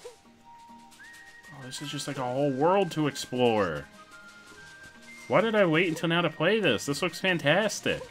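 A young man streaming a video game, commenting casually in an excitable, jokey way. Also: fairly high pitch, measured pace, pauses often, soft background music.

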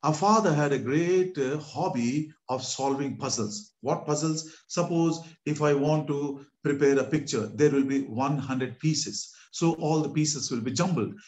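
A man preaching a sermon, telling a story with animated delivery that swells at dramatic moments and addressing listeners as beloved. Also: on the high side, measured pace, few pauses.

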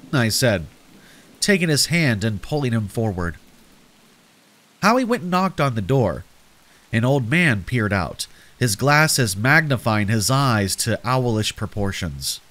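A man narrating a scripted horror story in a slow, dramatic storytelling manner. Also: mid-range voice, sing-song, fairly bright tone.

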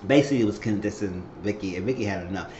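A man casually recapping a TV episode, acting out the characters' lines with sudden high squeals. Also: rapid-fire, a little hiss or hum. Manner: animated retelling, acting out quotes with high squeals. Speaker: recap host. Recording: echoey room, dull lo-fi sound.

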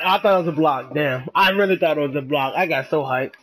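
A man giving excitable, trash-talking commentary while he plays a game, dropping to low mutters and then bursting into shouts. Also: fast talker. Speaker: gamer. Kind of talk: live gameplay commentary.

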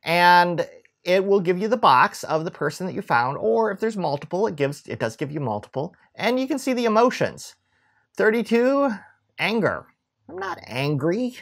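A man's voice: high-pitched, big pitch swings, normal speed, vocal fry, a bit bright. Chatty man teaching a coding tutorial. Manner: chatty, self-deprecating, restarts phrases. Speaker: instructor.

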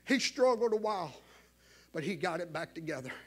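Male preacher, very high voice, fervent, shouts then drops to a hush. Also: lively intonation, a little fast, slightly rough. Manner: fervent, swinging between shouting and hushed asides. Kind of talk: sermon.

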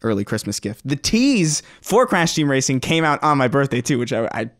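A man co-hosting a podcast in casual chat, upbeat and easygoing, quick to laugh. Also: medium pitch, very animated. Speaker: podcast co-host.

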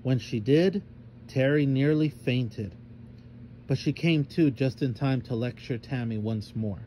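A man's voice: medium pitch, a little slow, dark tone, slight background noise, poor audio. A man narrating a children's storybook aloud, voicing each character expressively.

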